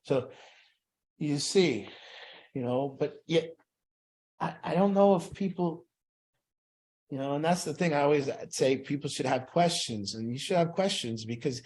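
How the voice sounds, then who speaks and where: An earnest man talks through an addiction recovery group session, his voice at an ordinary middle pitch. He speaks reflectively to a small group in a room. He slips into the inner voices he describes. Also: a little mellow.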